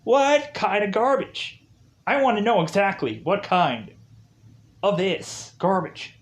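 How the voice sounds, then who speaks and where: A man voicing a blunt, deadpan male assassin in a loose, filler-heavy paraphrase. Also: a little high, normal speed, close to an everyday voice. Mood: exasperated.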